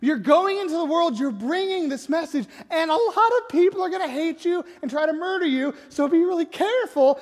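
A man's voice: very high voice, lively intonation, fairly quick, few pauses. A man, a youth pastor, telling a story in a casual sermon and often tagging lines with "right?". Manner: conversational, keeps asking "right?". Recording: long echoing hall reverb.

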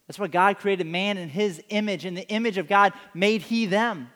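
A man preaching a sermon, telling stories in an animated way and acting out the scenes. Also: high-pitched, normal speed, big-room sound. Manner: animated storytelling, acts out scenes. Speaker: pastor.

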